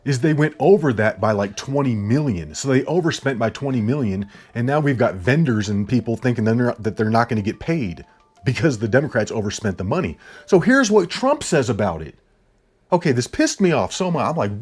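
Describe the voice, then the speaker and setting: A man delivers a ranting political commentary, loud and heated, close to yelling the whole time. He talks bluntly with swearing and hammers his points over and over. A little music plays faintly behind him, and his pitch sits in an ordinary middle range. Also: big pitch swings, fairly quick, husky. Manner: repetitive, blunt, profane.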